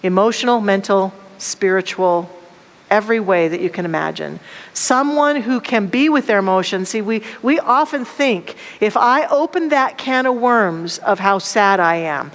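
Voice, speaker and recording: A woman's voice: mid-range voice, animated, moderate pace. Woman minister preaching in a reverberant church. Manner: candid, personal, emphatic storytelling. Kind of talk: sermon. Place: church sanctuary. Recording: long church hall reverb.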